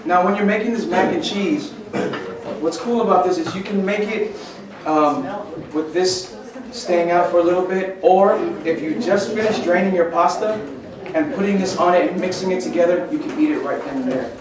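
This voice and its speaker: A man's voice: high-pitched, moderate pace, crowd noise. Chatty man demonstrating a recipe in an echoey hall. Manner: chatty and joking, quizzing the audience. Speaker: cooking demonstrator. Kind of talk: live cooking demonstration. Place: large echoey church hall. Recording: very echoey hall, mic at a distance.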